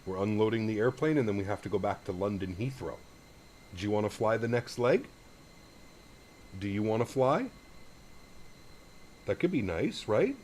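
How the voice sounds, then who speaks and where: A man's voice: lowish voice, lively intonation, normal speed, long pauses, darkish tone, slight background noise. A man streaming a flight simulator, chatting casually and thinking aloud as he sets up a flight at his home sim setup. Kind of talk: casual live-stream chat.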